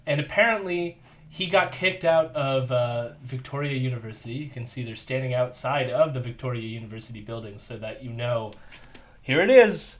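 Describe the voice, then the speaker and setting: A man's voice: medium pitch, normal speed. A man hosting a stream, giving casual, profane commentary on video clips and laughing often. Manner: animated, laughs often, swears freely. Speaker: stream host.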